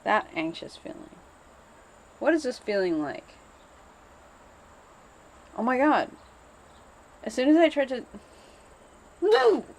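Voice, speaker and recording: A woman's voice: high voice, very animated, slow pace, pauses often, slight background noise. Anxious rambling woman talking to herself. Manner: anxious, rambling, repeats phrases over and over. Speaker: vlogger. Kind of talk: unscripted self-filmed monologue. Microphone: self-filmed camera.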